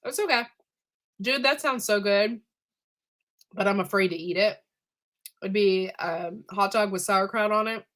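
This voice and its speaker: A woman co-hosting a casual live stream over a video call, chatty and quick to laugh, peppering her talk with "like" and "dude". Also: medium pitch, a bit bright. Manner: chewing while talking. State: recovering from illness. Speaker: co-host.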